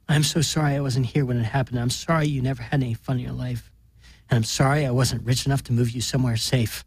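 Man, story reader, deadpan, husky voice, dry close sound. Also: mid-range voice, no echo. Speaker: narrator. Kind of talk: deadpan short-story reading.

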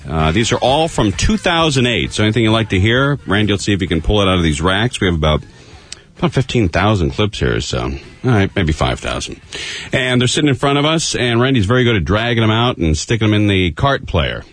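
A man hosting a live talk radio show from the studio, chatty and quick to laugh. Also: on the low side, sing-song, a bit bright, soft background music. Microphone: studio broadcast microphone.

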